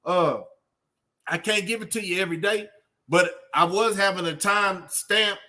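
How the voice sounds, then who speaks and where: A man's voice: high-pitched, unhurried, pushed and bright. A middle-aged man giving an off-the-cuff motivational talk in a streetwise preaching way, rambling with fillers. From Texas. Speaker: channel host.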